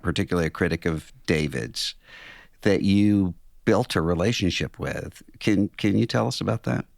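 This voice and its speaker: Man hosting a podcast, calm interviewer with a very low voice, dry close sound. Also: moderate pace, gravelly, no room sound. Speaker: podcast host.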